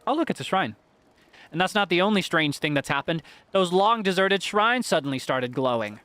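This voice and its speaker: A man's voice: high voice, animated, normal speed, bright, forceful tone, dry recording, faint music behind. A man reading aloud the lines of a gloomy wandering male traveler in a game, in a chatty, doom-laden way. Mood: ominous.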